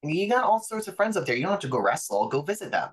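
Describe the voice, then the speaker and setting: A man putting on a high, quick voice to quote his adult sister nudging him to travel. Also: big pitch swings, slightly rough. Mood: urging.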